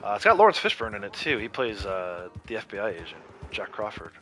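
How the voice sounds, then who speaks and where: Bright-voiced man chatting casually on a stream. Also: fairly low pitch, huge pitch swings, a little fast, slight background noise. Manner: rambling, laughs often, trails off quietly. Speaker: livestream host. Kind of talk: casual chat while gaming.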